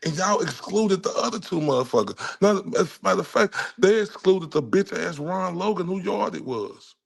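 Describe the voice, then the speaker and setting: Gravelly, furious, profane streamer man. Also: sits high, lively intonation, moderate pace. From Dallas, Texas. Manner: furious, heavily profane ranting. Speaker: livestream host. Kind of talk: angry profane livestream rant.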